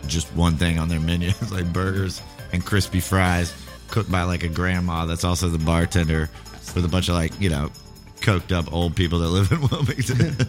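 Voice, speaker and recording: A man's voice: low-pitched, normal speed, faint music behind. A man co-hosting a casual podcast chat, laid-back and rambling, full of filler words. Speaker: podcast co-host.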